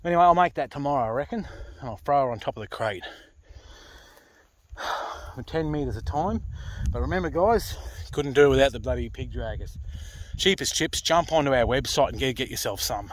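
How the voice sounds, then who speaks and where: An Australian man talking casually to camera outdoors, rough-spoken and swearing freely, out of breath from hauling a load. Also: medium pitch, expressive, a little fast, long pauses. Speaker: pig hunter. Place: outdoors in the bush.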